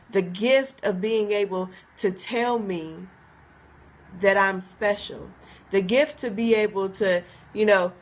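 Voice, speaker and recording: A woman telling a personal story on a live stream. She speaks emphatically, repeats her key phrases and acts out a friend's encouraging words. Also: mid-range voice. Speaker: inspirational speaker.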